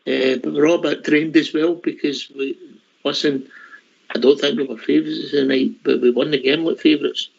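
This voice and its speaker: A man's voice: fairly high pitch, fairly even intonation, moderate pace, vocal fry, husky. A Scottish man hosting a football phone-in, chatty and jokey as he waves callers in. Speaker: radio phone-in host. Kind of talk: casual football phone-in chat. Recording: dull lo-fi sound.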